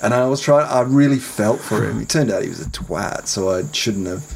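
A man casually telling a long anecdote to a friend, animated and lively when quoting others. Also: fairly low pitch, normal speed, creaky, slight background noise. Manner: animated storytelling with acted quotes. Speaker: storyteller guest.

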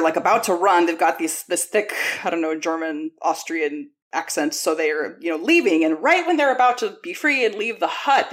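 A woman with a slightly low voice, chatting on a podcast. She tells stories loosely and laughs often. English is her second language. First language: not English. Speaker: podcast co-host. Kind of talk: casual chat.

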